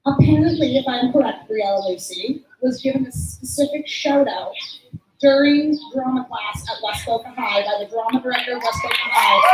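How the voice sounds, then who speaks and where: A chatty, effusive woman emcees a student recital as the drama teacher. Her high voice rambles through thanks and stories, full of ums and restarts. The sound carries an echo from the room and a faint hiss behind it. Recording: echoey room.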